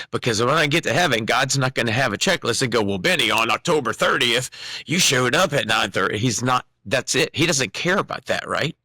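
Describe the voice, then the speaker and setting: Middle-aged guy telling a story on a podcast, bright forceful voice, dry close sound. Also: mid-range voice, no room sound. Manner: animated testimony with quoted dialogue. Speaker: guest singer-songwriter.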